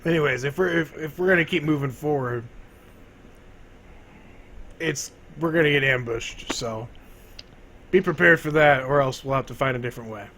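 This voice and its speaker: A man's voice: a little high, moderate pace, long pauses, sharp tone, slight background noise. A man playing a tabletop game, joking and giving orders to the party. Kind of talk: casual in-character play.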